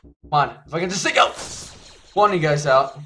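Excitable man narrating a video game. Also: on the high side. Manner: excitable, repeats words in quick bursts; yelps and laughs when hit. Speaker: gaming YouTuber. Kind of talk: live gameplay commentary.

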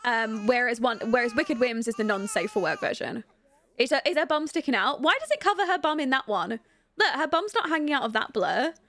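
A woman's voice: on the high side, very animated, brisk, a bit bright. A young woman giving chatty, giggly commentary on her life-sim game and talking to her viewers. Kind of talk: casual gameplay commentary.

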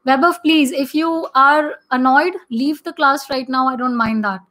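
A woman's voice: high voice, normal speed, a bit bright. A young woman with an Indian English accent, teaching a live online English class in a direct, motivational way. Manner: direct, motivational, addresses viewers as guys.

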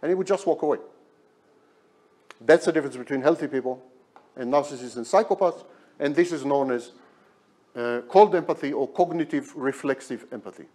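A man's voice: mid-range voice, brisk, pauses often, dark tone. A man lecturing at a hospital, emphatic and repeating key words for effect. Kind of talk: academic lecture.

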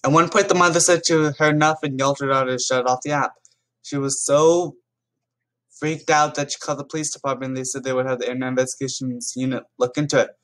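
A man's voice: mid-range voice, fairly bright tone. A man giving casual reaction commentary as a YouTuber, chatting to viewers and reading stories aloud with small restarts.

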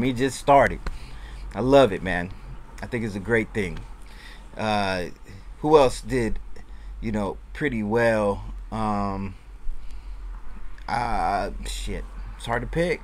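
A man giving loose, rambling fan commentary in a casual vlog, moving between deflated and excited. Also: lowish voice, slow, long pauses. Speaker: sports fan vlogger.

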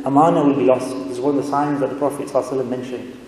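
A man giving a sermon as a guest speaker, telling stories in a chatty, animated way in a mosque hall. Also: medium pitch, rapid-fire. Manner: conversational, animated storytelling with asides. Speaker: guest speaker, religious scholar. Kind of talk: sermon with storytelling. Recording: echoey hall reverb.

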